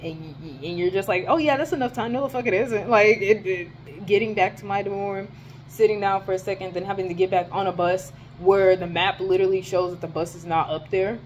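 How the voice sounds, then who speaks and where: A young woman telling a rant in a casual vlog from her dorm, animated and profane, her voice jumping high when she exclaims. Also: a little fast. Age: young adult. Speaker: vlogger.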